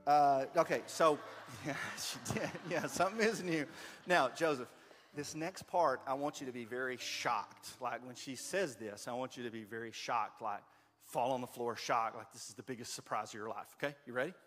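With a mid-range, fairly bright voice at a moderate pace, a man leads kids through a skit, narrating the story and calling out stage directions. He laughs frequently and sounds playful and encouraging on a handheld microphone, with long hall reverb and faint music.

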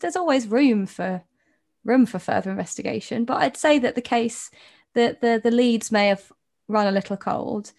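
Woman co-host with a creaky, slightly high voice; laughing, self-deprecating banter. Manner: giggly, self-mocking, repeats words. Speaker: podcast co-host. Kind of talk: casual chat.

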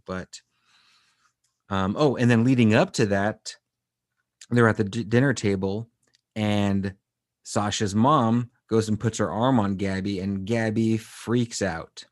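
A man's voice: lowish voice, a little slow, no echo. A man co-hosting a podcast, recapping an anime episode in a rambling way, with many fillers and restarts. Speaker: podcast co-host.

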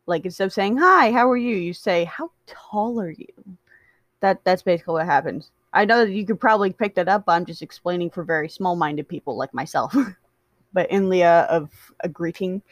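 A woman's voice: lowish voice, a little fast, dry recording. A woman reads fan fiction aloud in a casual way. She trips over words, goes back to fix them, and breaks off for chatty asides. The sound is dry and close. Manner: stumbling, self-correcting, chatty asides. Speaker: story reader.

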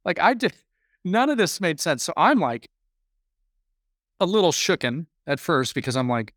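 A man's voice: on the high side, very animated, normal speed, a bit bright, no echo, studio quality. Rambling storytelling podcast man. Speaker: podcast co-host. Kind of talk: casual chat.

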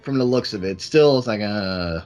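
A man co-hosting a podcast in casual chat, animated and sometimes trailing off to restart his thoughts. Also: lowish voice, moderate pace, soft background music. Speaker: podcast co-host.

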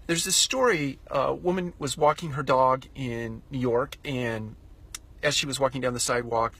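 A man's voice: medium pitch, sharp tone, breathy edge. A middle-aged man hosting a solo podcast, telling a story and drawing a reflective lesson from it. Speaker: podcast host.

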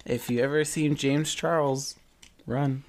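A man co-hosting a podcast in casual chat, cracking jokes and throwing in loud side comments. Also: medium pitch, fairly even intonation, a little slow. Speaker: podcast co-host.

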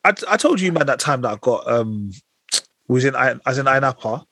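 Young man, husky voice, rapid talk, podcast storyteller. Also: mid-range voice, dry recording. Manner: animated anecdotes full of slang and acted-out quotes. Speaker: podcast co-host. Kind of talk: casual chat, storytelling.

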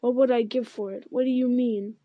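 A woman voicing a sly, menacing male goblin soldier in a soft hissing whisper, as part of an audiobook reading. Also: fairly high pitch, steady tone, brisk, no room sound, narrow, tinny audio, natural voice. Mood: sly, wary. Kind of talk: audiobook character voice.

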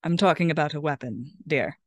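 A cool pirate queen, put on by a woman, who takes her time with every word and talks soft and sly. The voice sits very low and sounds dry and close, with no room around it. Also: fairly quick, dry recording, lo-fi sound. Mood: cool, commanding. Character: calm commanding female pirate queen.

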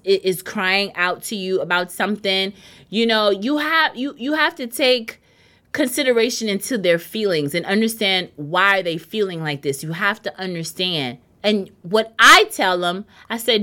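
Chatty woman hosting her own show. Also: mid-range voice. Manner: chatty, animated, speaks straight to listeners. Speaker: show host. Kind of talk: casual talk show monologue.

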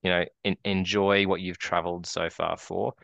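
A man's voice: sits low, flat delivery, moderate pace, creaky, fairly bright tone, dry recording, muffled recording. An Australian man in his forties, co-hosting a podcast and telling a long rambling story with many restarts. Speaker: podcast co-host. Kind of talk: casual chat.

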